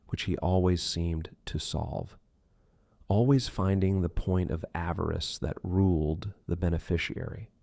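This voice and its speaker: A man reading an audiobook thriller in measured, dark scripted narration. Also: low voice, vocal fry, no echo, studio quality.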